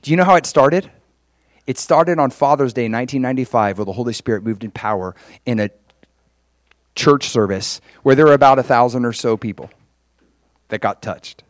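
A man preaching a sermon in a conversational, animated way, often acting out quoted conversations. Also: medium pitch, moderate pace, no echo, clean studio sound. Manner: acts out quoted conversations in changed voices.

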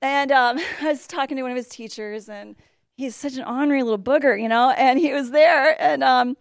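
A high-pitched middle-aged woman speaks to a congregation as a church speaker. Her delivery swings from near-whispered asides to loud, emphatic lines. The sound is dry and close. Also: normal speed, vocal fry, no room sound. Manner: storytelling, moves between hushed asides and loud outbursts. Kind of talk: sermon.

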